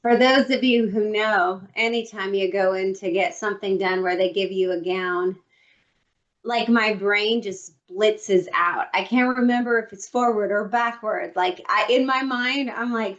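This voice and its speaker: Higher-voiced woman telling a comic story. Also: a little slow, highs cut off. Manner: comic storytelling, acting out her own inner thoughts. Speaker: podcast co-host. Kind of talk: casual chat. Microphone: computer microphone on a video call.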